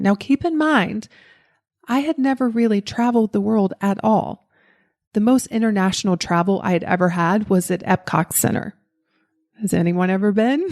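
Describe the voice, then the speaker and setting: Female podcast host with a faint Southern US accent. Lively, personal motivational delivery at a middle pitch. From Southern United States. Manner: lively storytelling, acts out quoted voices. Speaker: podcast host and life coach. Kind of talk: motivational talk with personal story.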